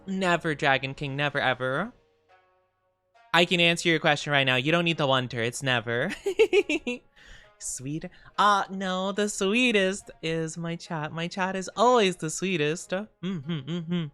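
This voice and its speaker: A young woman streamer chats with her viewers in a voice that sits low for a woman. She is playful and bubbly, a little sleepy, and quick to thank people and tease back. Soft music plays faintly behind her. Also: clean tone. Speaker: VTuber streamer. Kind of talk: casual chat with live viewers.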